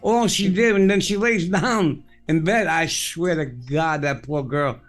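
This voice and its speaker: A man's voice: a little high, unhurried, soft background music. A man hosting a podcast, chatting casually as a rambling, profane storyteller. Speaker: podcast host. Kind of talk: casual chat.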